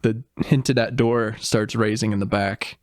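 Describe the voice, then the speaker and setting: A man's voice: fairly low pitch, fairly even intonation, no echo. Man co-hosting a podcast in a dry, close sound. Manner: brisk, joking, acts out quotes. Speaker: podcast co-host. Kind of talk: casual retelling of a film from memory.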